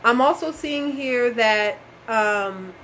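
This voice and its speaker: A woman's voice: fairly high pitch, slow, a bit bright, a little hiss or hum, poor audio. A woman doing a casual live-stream tarot reading, talking straight to her viewers, calling them y'all and swearing now and then. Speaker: tarot reader.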